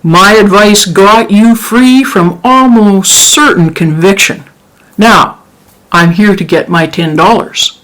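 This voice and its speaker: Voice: medium pitch, takes it slowly, a bit bright, low-quality recording. A storyteller voicing an indignant lawyer insistently demanding his fee. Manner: pushy, insistent.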